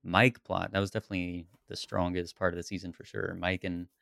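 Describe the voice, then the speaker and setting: A deep-voiced man co-hosting a podcast, talking in a loose, rambling way with easy laughs. His voice sits very low. The sound is dry and close, with no room around it. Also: fairly quick, gravelly, no echo. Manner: relaxed, laughs often, rambling. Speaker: podcast co-host. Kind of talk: casual chat about a TV series.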